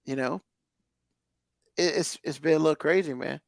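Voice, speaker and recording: This man co-hosts a podcast, rambling loosely through casual chat full of fillers. His voice is a little high with vocal fry, at a moderate pace, recorded in clean studio sound with no room noise.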